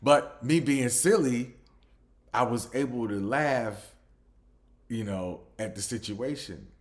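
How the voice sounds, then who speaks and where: A man's voice: medium pitch, slow pace. A man hosting a podcast, telling a personal story casually with frequent restarts. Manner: restarts often, animated retelling. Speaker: podcast host.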